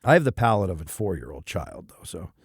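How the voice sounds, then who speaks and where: A man co-hosting a casual podcast, animated and playful, his pitch leaping around as he jokes. He laughs easily and riffs on whatever comes up. The sound is dry and close with no room to it. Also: a little fast, breathy edge, no room sound. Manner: animated, jokey, laughs often. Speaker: podcast co-host. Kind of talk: casual chat.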